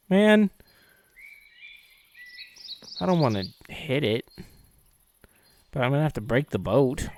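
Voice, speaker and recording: A man's voice: medium pitch, slight background noise. Chatty man hosting a game let's-play. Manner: chatty, talks to himself, muses out loud, hums as he plays. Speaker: gaming channel host. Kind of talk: casual let's-play commentary.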